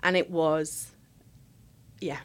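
A woman in her thirties, a podcast guest telling a personal story in casual chat, animated and full of laughs. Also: low-pitched, extremely slow. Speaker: podcast guest, writer and performer.

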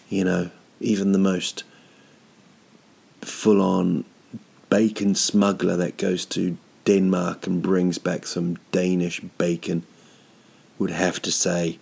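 A man's voice: sits low, vocal fry, a little mellow, breathy edge. A man hosting a comedy podcast, rambling through a self-deprecating monologue with lots of fillers and restarts.

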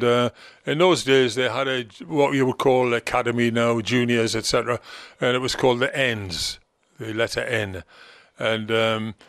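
An older man with a Geordie accent from North East England speaks at a medium pitch with a slightly bright tone, recorded clean in a studio with no echo. A former football manager, he reminisces in an interview as a chatty storyteller, sprinkling in fillers and dialect words.

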